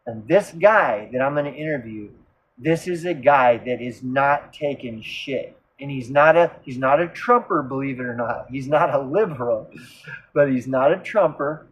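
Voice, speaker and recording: A man's voice: mid-range voice, moderate pace, husky. A man from Oklahoma telling a personal story in a rambling, profane way, often repeating himself. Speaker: vlogger. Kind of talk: casual storytelling monologue. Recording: slightly dull lo-fi recording.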